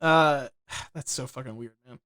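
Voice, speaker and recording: A man's voice: mid-range voice, a little slow, a bit bright. A young man co-hosting a podcast, chatting casually in a rambling, profane, jokey way with lots of restarts. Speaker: podcast co-host. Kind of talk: casual chat.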